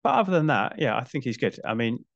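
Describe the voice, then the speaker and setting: A man's voice: mid-range voice, big pitch swings, fast talker, gravelly, no echo, dull audio. A middle-aged man hosting a casual film chat, thinking aloud and restarting his sentences. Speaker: podcast host.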